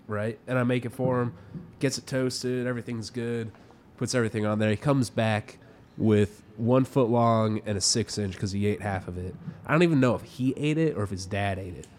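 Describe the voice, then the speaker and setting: A young adult man, a podcast co-host, telling a story in casual chat with lively delivery and free swearing. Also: medium pitch, normal speed, slight background noise. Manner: animated storytelling, swears freely.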